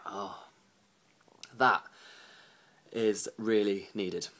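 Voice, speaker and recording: A man's voice: lowish voice, fairly even intonation, drawn-out words, a bit bright. A young man talking casually to camera in a vlog, rambling and joking at his own expense, tipsy and hiccuping. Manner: chatty, rambling, self-mocking. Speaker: vlogger.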